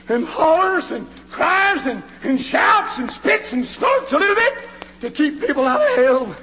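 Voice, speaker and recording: A male preacher delivering a fiery revival sermon in a church, swinging from hushed pleading to hollering. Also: very high voice, slight background noise. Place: church sanctuary. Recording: dull, reverberant old church recording.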